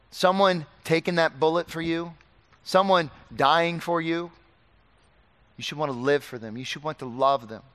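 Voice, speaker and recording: Preacher, male, impassioned sermon delivery, smooth resonant voice, somewhat high, long hall reverb. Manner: impassioned, swings from loud urgent pleading to quiet earnest warning.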